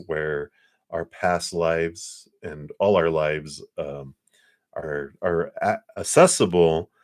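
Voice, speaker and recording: Low-voiced gentle man reading tarot. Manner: gentle, reassuring, meandering with frequent fillers. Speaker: psychic tarot reader.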